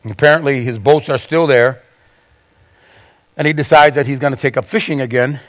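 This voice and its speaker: A man's voice: medium pitch, fairly even intonation, a little fast. A man preaching a sermon as pastor, retelling scripture with dramatic storytelling and acted-out voices.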